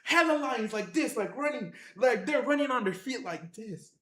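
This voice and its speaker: A speaker telling a wild story to viewers in casual slang, acting out fights with shouted sound effects and repeated phrases. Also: mid-range voice, normal speed, reverberant. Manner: excited, acts out the action with sound effects and shouts. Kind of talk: animated tall-tale storytelling to viewers.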